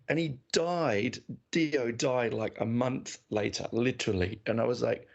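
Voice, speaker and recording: A man's voice: mid-range voice, normal speed, creaky, hardly any pauses. A man hosting a podcast in a chatty, casual way, chiming in with short reactions. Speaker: podcast host. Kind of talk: casual chat. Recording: dull lo-fi podcast audio.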